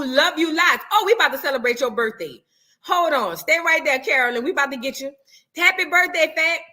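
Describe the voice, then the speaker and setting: Woman livestream host, sassy chatty read; high and bright. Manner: chatty, sassy, calls viewers girl and boo. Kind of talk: casual livestream chat reading super chats.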